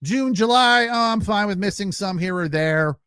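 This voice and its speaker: A man's voice: sits high, normal speed, a bit bright, clear, resonant tone, dry recording, studio quality. A man hosting a casual sports podcast, ranting loosely with fillers, restarts and the odd swear word. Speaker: podcast host.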